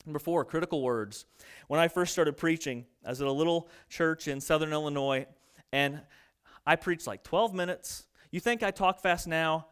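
A young adult man preaching a sermon, fast-talking and animated, mimicking people in quick asides. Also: on the high side, smooth. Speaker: pastor.

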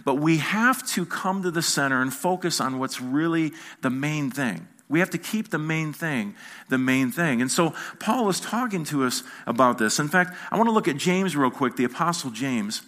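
A man's voice: a little high, lively intonation, moderate pace, fairly bright tone. A middle-aged man, the pastor, preaching a sermon in church, telling stories with playful asides to the congregation. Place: church sanctuary.

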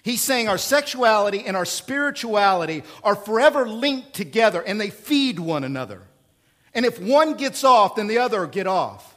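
A man preaching a sermon in a conversational, emphatic way, with rhetorical questions and swings between loud bursts and quiet asides. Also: sits high, sing-song, normal speed. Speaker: pastor.

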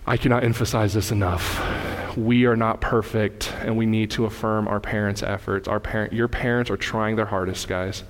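A man in his thirties preaching a sermon to a church congregation, telling family stories with lively, animated delivery. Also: normal speed, few pauses, big-room sound. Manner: animated storytelling, rising loud and high in anecdotes. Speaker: pastor. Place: church sanctuary.

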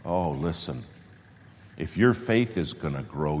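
Low-voiced guy preaching, acts out the conversations, goes soft and slow on the big points, lots of church hall reverb. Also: slight background noise. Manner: animated storyteller who acts out both sides of a conversation; drops to a slow, hushed voice for emphasis. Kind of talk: sermon. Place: church sanctuary. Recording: long reverb of a large hall.

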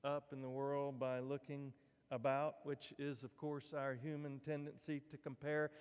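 A man's voice: mid-range voice, little pitch movement, measured pace, clear, resonant tone. Male pastor preaching in a reverberant church. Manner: conversational, folksy preaching with asides to the congregation. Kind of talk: sermon. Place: church sanctuary.

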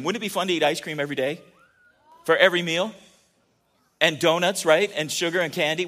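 A man's voice: high voice, bright, forceful tone. A man preaching a casual, joking sermon, telling stories and often restarting his sentences. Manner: chatty and joking, with many restarts. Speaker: pastor.

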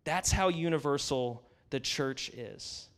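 A man's voice: mid-range voice, takes it slowly, a bit bright. A man preaching a sermon in a conversational, enthusiastic way, addressing the listeners as y'all.

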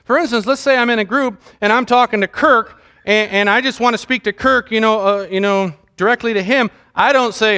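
A man's voice: sits high, normal speed, sharp tone, clear, resonant tone. A man preaching a sermon as pastor, joking and mimicking how people pray.

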